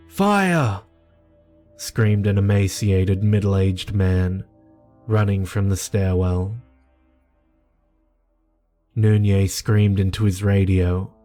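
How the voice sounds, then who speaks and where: A man giving a measured, grave reading of a scripted horror story. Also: lowish voice, mellow. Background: faint music.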